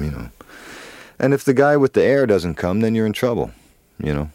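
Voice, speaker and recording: A man's voice: lowish voice, sing-song, normal speed, long pauses, darkish tone, no room sound. A man, an actor, telling a long story in an interview, rambling with many fillers and restarts. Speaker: actor guest.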